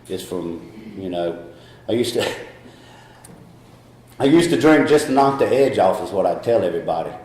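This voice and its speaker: A man's voice: deep voice, lively intonation, unhurried, pauses often, a little mellow, reverberant. A middle-aged man with a Southern US accent gives a candid, rambling personal testimony at a recovery meeting, often laughing at himself.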